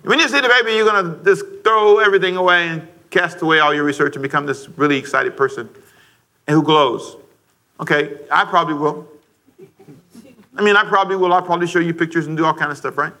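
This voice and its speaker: High, bright-voiced lively preacher man. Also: fast talker. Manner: lively preaching, rising to shouts, with asides and laughter. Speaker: pastor. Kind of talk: sermon. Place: church sanctuary before a congregation.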